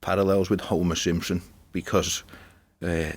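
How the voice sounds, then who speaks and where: Speaking low and flat at normal speed, this Liverpool man has a breathy edge and a Scouse accent. A spoken word performer guesting on a podcast, he chats casually in a recording studio, relaxed and frequently letting his sentences trail away.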